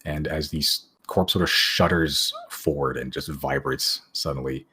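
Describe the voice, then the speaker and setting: A man narrating as game master of a tabletop game, describing scenes haltingly with many fillers. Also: a bass voice, fairly even intonation, sharp tone, husky.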